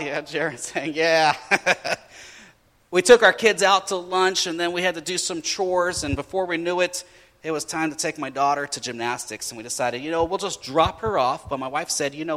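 A man preaching a sermon, telling a family story in an animated way and acting out his children's voices. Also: on the high side, long reverb tail. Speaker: pastor.

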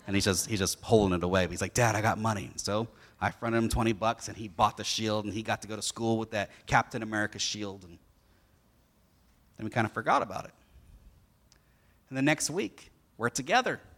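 During a sermon, a pastor tells a story about his son, animatedly acting out the boy's lines with energy. His voice is lowish and brisk, broken by long pauses.

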